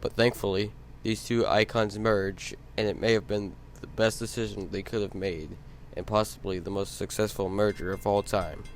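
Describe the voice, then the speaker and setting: Man, amateur story narrator, casual, low voice, background noise. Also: steady tone, normal speed.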